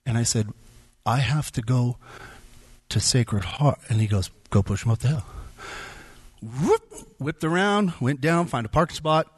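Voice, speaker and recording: A man's voice: medium pitch, moderate pace, husky, no room sound. A middle-aged man telling a personal faith story in a conversational way, restarting phrases and acting out his own inner dialogue. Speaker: speaker sharing a testimony.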